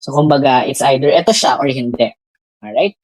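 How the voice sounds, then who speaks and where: A woman with a Filipino accent, her voice pitched low, walks through a grammar lesson step by step. She explains patiently and keeps checking in with short tag questions. The recording is close and dry, with no room sound. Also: brisk, a little mellow, slightly rough, no room sound, poor audio. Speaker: English test reviewer teacher.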